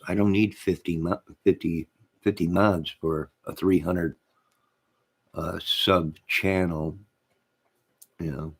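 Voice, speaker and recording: Deep, husky-voiced man, live stream host, rambling casual chat with viewers, repeats himself.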